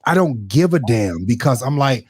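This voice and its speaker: Animated, profane man with a dry close sound. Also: mid-range voice, moderate pace, husky, no room sound. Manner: animated, profane, acts out quoted exchanges. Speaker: podcast guest. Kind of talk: candid storytelling in a casual talk show.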